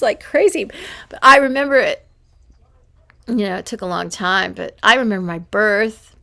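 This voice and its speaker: A woman hosting a livestream, talking in a casual, animated way and often restarting her sentences. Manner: animated, breaks into high squeals when quoting herself, frequent laughs and restarts. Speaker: livestream host. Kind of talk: casual monologue.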